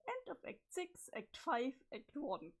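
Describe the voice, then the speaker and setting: A woman's voice: sits high, huge pitch swings, a little slow. Chatty woman reading a webcomic on stream. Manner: chatty, laughs often, swears casually. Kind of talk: casual livestream reading and commentary.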